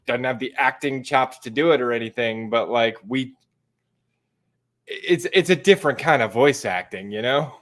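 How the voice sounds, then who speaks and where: A man in a casual podcast chat who jumps in and makes his points with emphasis. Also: medium pitch. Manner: emphatic, conversational, interjecting.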